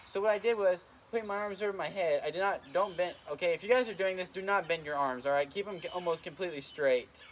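Young man, high-ish voice, winded, filler-heavy casual how-to. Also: quick pace, few pauses, a little hiss or hum. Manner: rambling, lots of "like" and "kinda", repeats himself. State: out of breath. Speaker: trampoline tips vlogger. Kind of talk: casual instructional vlog. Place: outdoors on a trampoline.

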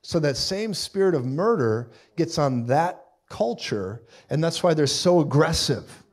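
A man's voice: on the high side, animated, measured pace, breathy edge. A man preaching a live sermon in a conversational style, with frequent asides and quoted voices.

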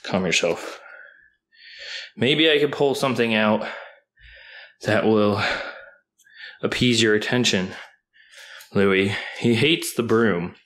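A man making a casual home vlog at night, playfully scolding his dog and jumping into a high sing-song voice. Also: slow, long pauses, a bit bright. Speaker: vlogger. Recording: echoey room, voice far from the mic, faint noise.

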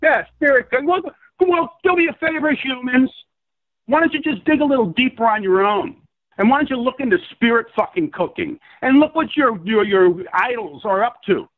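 High-voiced man ranting down a phone line. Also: lively intonation, moderate pace, no room sound. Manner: profane, rambling rant. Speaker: guest. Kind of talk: phone-in interview.

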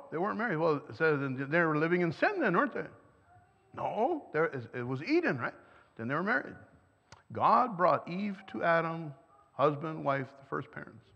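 A man's voice: fairly high pitch, gravelly, sharp tone, breathy edge. Older German-speaking man teaching in an echoey church. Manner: questions the audience, chuckles between points. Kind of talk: teaching sermon to parents. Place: church hall. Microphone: microphone. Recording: echoey hall, dull lo-fi sound.

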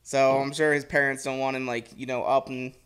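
A young man from Ohio giving casual, rambling commentary while streaming a racing game, getting excitable when telling stories. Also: medium pitch, brisk, clean tone. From Ohio, USA. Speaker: gameplay streamer.

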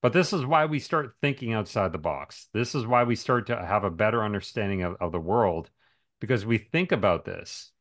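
A man's voice: lowish voice, lively intonation, normal speed, fairly bright tone. A man in casual podcast conversation, talking emphatically and asking rhetorical questions. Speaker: podcast speaker on diet and health.

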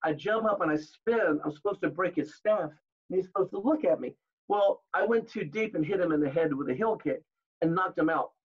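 Husky older man telling lively stories. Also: high voice, fairly quick, dull audio. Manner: animated anecdotes, acting out quoted exchanges. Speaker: interview guest. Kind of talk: storytelling in an interview.

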